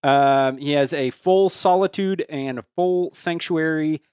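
A fairly high-voiced man reads sale listings on a casual podcast, slowing down to spell handles out one letter at a time. He sits at a close studio mic, and the sound is dry and tight with no room around it. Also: a little mellow, clean tone, dry recording. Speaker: podcast co-host reading listener listings.

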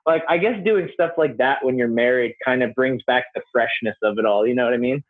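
A man's voice: medium pitch, a little fast. A man in his mid thirties, a podcast guest, chatting casually and joking, with lots of fillers and restarts, over a video call. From New Jersey. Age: 30s. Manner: rambling, filler-heavy, jokey. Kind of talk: casual interview chat. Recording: tinny phone-like call audio.

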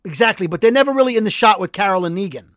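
A man co-hosting a podcast, retelling a TV episode as an animated storyteller who acts out the quotes. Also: high voice, very fast, no echo, studio quality. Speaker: podcast co-host. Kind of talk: casual recap chat.

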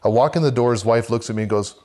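A man's voice: mid-range voice, rapid-fire, warm tone. A man, guest on a podcast, earnestly telling a vivid personal faith story and talking about leading a men's church group.

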